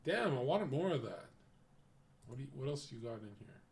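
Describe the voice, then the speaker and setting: A male streamer ranting bluntly to his chat with a noticeable lisp. His pitch sits in an ordinary middle range. He rambles in a casual, profane, off-the-cuff way. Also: very animated, moderate pace, creaky. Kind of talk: casual reaction-stream commentary.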